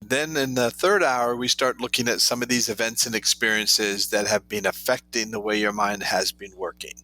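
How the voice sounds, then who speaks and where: Bright-voiced man telling stories. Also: lowish voice, moderate pace, poor audio. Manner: animated anecdotes with quoted dialogue. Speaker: guest, trauma therapy author. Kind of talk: storytelling interview talk.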